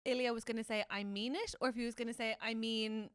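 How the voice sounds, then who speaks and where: A woman co-hosting a podcast, chatting casually and animatedly about a TV show, swinging from loud excitement to soft, tender quoting. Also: fairly high pitch, fast talker, a crowd in the background. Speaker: podcast co-host. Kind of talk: casual chat recapping a TV show.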